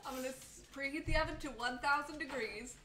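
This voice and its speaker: A woman's voice: sits high, brisk. A woman from Chicago hosting a livestream, chatting casually and reading out chat messages while cooking. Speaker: livestream host. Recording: echoey room with noticeable noise.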